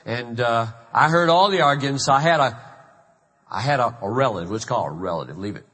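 A man's voice: medium pitch, lively intonation, brisk, a bit bright, slightly rough, in a large hall. A man in his fifties from the American South, preaching a sermon in an earnest, conversational way with emphatic repetition. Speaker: pastor.

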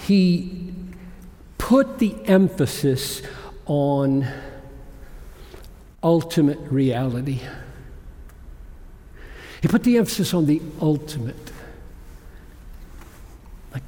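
A man preaching a sermon in a fairly high voice, slow and deliberate. He swings between loud exclamations and hushed whispers. His voice rings with a long reverb, as in a large church sanctuary. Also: lively intonation. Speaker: pastor.

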